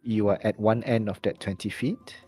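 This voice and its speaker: A low-pitched man with a soft, mellow voice narrates a tabletop role-playing scene as game master. He talks haltingly, backing up and fixing his words as he goes, with faint music behind him. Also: steady tone, husky. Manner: hesitant, many restarts and self-corrections.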